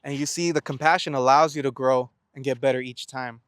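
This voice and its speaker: A man's voice: medium pitch, fairly even intonation, a little fast, fairly bright tone, smooth, no echo. Earnest young man, dry close sound. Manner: earnest, asks rhetorical questions and answers them; stammers and restarts words. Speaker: self-help vlogger. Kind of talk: reflective motivational monologue.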